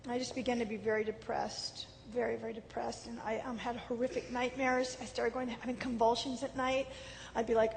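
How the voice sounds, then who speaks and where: High-voiced woman telling her story. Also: a little fast. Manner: acts out quoted voices, shifts from lively to low and subdued. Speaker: speaker giving a testimony. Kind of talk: animated personal testimony. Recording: hall reverb with faint background noise.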